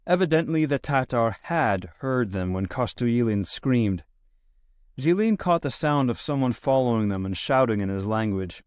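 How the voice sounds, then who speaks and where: A man narrating a classic short story as an audiobook reader, steady, lifting his voice for quoted lines. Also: medium pitch, dry recording, studio quality. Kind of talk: scripted narration.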